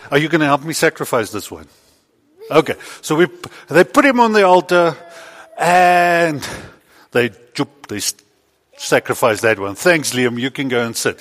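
A man preaching a lively story sermon in a church with a child volunteer, playful and animated, with sudden loud bursts. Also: a little high, big-room sound. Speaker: pastor.

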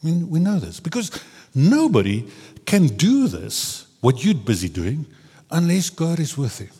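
A man delivers a sermon in a chatty, searching way, doubling back on his words. His voice is husky and his pitch rises and falls a lot. A long reverb from a large hall trails after each phrase. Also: big pitch swings, unhurried, warm tone. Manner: conversational, searching, repeats words as he restarts. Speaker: preacher.

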